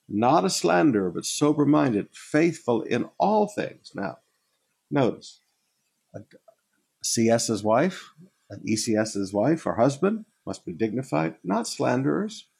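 A pastor teaching a sermon, reading scripture verses aloud and then explaining them in plain, direct words. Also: male voice, mid-range voice, vocal fry, darkish tone, husky.

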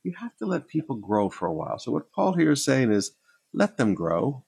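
A pastor teaching a sermon, reading scripture verses aloud and then explaining them in plain, direct words. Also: male voice, medium pitch, sing-song, moderate pace, vocal fry, darkish tone, husky.

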